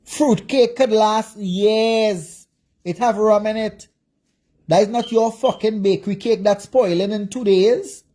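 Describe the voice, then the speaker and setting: A woman's voice: mid-range voice, steady tone, unhurried, mellow. Cursing Jamaican woman ranting. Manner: profane, insulting, repetitive cursing. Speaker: social media commentator. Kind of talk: angry livestream rant.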